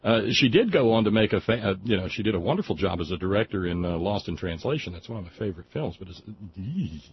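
A man hosting a call-in radio show, chatty and quick to laugh, often restarting his sentences. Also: fairly low pitch. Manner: chatty and animated, laughs easily, restarts a lot. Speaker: radio talk show host. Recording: slightly dull radio audio with faint noise.

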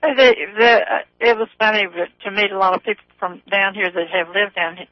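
A woman's voice: medium pitch, fairly quick, no room sound. Chatty Southern woman calling in on the phone. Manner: chatty, rambling, laughs often. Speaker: caller. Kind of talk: phone-in radio chat. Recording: dull phone line over radio.

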